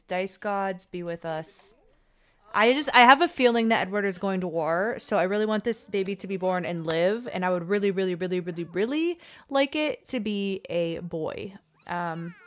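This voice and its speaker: Excitable woman narrating her gameplay. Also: mid-range voice. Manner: excitable and chatty, pleading with the dice, cooing at characters. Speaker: gaming channel host. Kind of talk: casual let's-play commentary.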